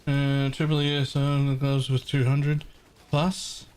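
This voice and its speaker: An Australian man in his thirties chats through a live game stream from his home setup. He talks in a blunt, wisecracking way and swears freely. His voice sits at an ordinary mid pitch. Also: completely flat delivery, slow pace, darkish tone, clean tone. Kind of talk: casual live-stream chat. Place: home gaming room.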